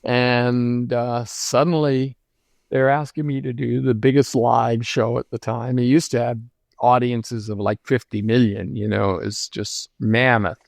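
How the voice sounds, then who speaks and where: An older man recalls his career in an unhurried, reflective way, full of ums and restarts. His voice sits at an ordinary pitch. The sound is dry and close. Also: little pitch movement, vocal fry, no echo. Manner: reflective storytelling, many fillers. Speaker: guest, lighting designer. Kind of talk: casual interview conversation.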